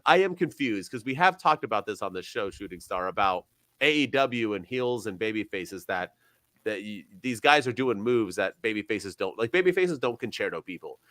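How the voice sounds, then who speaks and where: A young man co-hosting a casual wrestling podcast, talking with sarcasm and swinging between loud bursts and quiet asides. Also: mid-range voice, no echo. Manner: animated, sarcastic, jumps between loud and soft. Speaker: podcast co-host.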